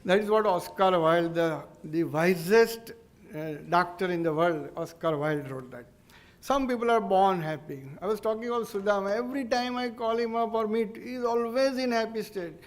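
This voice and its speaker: A man with an Indian English accent delivers a public lecture as a neurologist in a fairly high voice. He's earnest and explanatory, often pausing and restarting his sentences.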